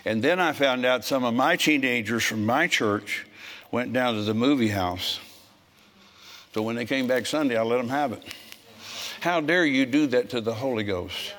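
A man's voice: mid-range voice, moderate pace. Blunt preacher in his seventies. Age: 70s. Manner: blunt, storytelling, forceful when scolding. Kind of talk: sermon. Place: church service with congregation.

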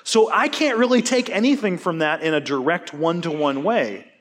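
A man teaching a Bible study class, asking the class questions and cracking jokes between points. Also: fairly high pitch. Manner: animated, joking, quick asides, questions to the class.

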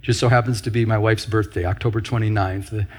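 A man's voice: lowish voice, steady tone, fast. A middle-aged man who is a pastor, preaching a teaching sermon, often repeating phrases and asking his listeners questions.

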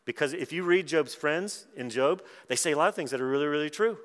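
A man's voice: fairly high pitch, fairly quick, a bit bright. A middle-aged man preaching at a conference in a conversational way, with wry asides. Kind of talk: conference sermon. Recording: long hall reverb.

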